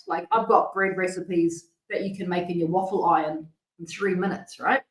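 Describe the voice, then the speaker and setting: A woman's voice: mid-range voice, roomy sound, rough recording. A woman hosting a home cooking vlog, talking casually and enthusiastically, with lots of fillers and restarts. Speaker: cooking channel host.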